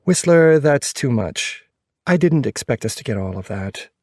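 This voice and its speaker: Guy putting on a shy sweet girlfriend voice, soft and timid, husky underneath, dry close sound. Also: mid-range voice, animated, unhurried, no room sound, pitched above the performer's own voice. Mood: protesting. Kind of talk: audiobook character voice.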